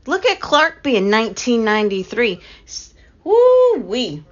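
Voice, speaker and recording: A middle-aged woman hosting a casual live stream, chatty and quick to laugh as she talks to her chat. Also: on the high side, huge pitch swings. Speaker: livestream host. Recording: dull lo-fi stream audio.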